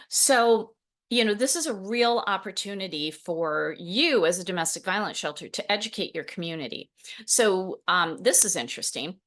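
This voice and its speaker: Lively woman podcast host. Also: on the low side. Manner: lively storytelling with laughs and acted quotes. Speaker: podcast host, program founder. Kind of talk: solo podcast talk.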